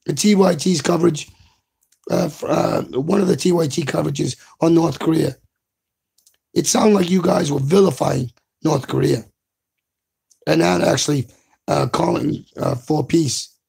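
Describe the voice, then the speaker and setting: Gravelly, high-voiced ranting man. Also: a little slow, long pauses, a little mellow. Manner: impassioned, profane, repetitive. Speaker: political commentator. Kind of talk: angry video rant.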